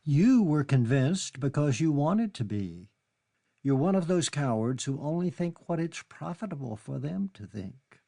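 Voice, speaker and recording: A man's voice: medium pitch, animated, unhurried, creaky, darkish tone, breathy edge, voice pushed up, full character voice. A man reading an audiobook, voicing a grief-stricken young Englishwoman who sobs, pleads and lashes out. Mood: bitter. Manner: sobbing, pleading, furious.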